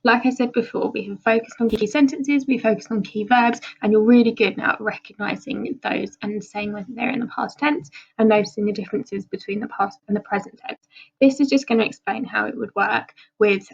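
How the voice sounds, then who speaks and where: A woman's voice: on the high side, steady tone, a little fast, vocal fry, slightly rough. Woman, English accent, language teacher, recorded slide lesson, patient step-by-step explaining, muffled lo-fi audio. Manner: explains step by step, with okay checks and restarts.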